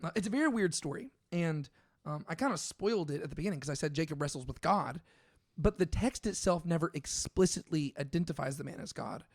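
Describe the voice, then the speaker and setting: A man's voice: a little high, lively intonation, fairly quick, no room sound, studio quality. A man co-hosting a casual Bible discussion, thinking aloud with plenty of fillers and restarts. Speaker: podcast co-host.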